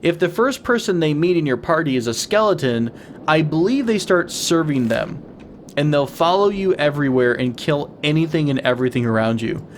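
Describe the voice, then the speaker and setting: A man's voice: on the high side, animated, moderate pace, a little hiss or hum. A young man giving playful, casual commentary on his game as the host of his gaming channel, laughing often with wheezing giggles.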